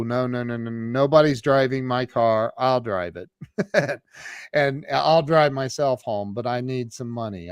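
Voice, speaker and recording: A man's voice: mid-range voice, no room sound, studio quality. A man from the United States, a guest on a remote call, telling a personal story with many restarts and fillers. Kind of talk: storytelling in an interview.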